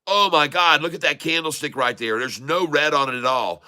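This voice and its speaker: Bright, excitable male trading host. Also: medium pitch, brisk, no room sound. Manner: excitable, taunting short sellers, repeats prices. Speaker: stock trading channel host. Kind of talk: live market commentary.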